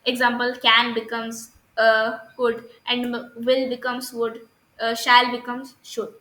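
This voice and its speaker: Indian English woman, grammar teacher, halting delivery, sharp bright tone. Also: a little high, completely flat delivery, echoey room, low-quality recording. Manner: hesitant, many fillers and restarts, asks "understood?". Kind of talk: recorded grammar lesson.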